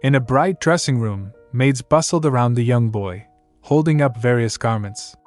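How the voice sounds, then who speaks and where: A man giving a scripted narration of a comic story in an even storytelling read. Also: medium pitch, normal speed. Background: faint music.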